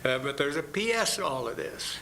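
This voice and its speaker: Older male board chair, very bright tone, hesitant delivery full of fillers, faint room hum. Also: fairly high pitch, big pitch swings, brisk, creaky, poor audio. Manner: hesitant, many fillers and restarts. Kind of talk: meeting remarks. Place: meeting room.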